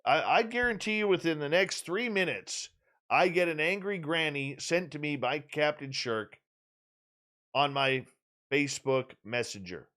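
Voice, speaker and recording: His voice is a little high and his pace measured as he hosts a radio talk show. He keeps the chat casual, joking animatedly and teasing a regular listener.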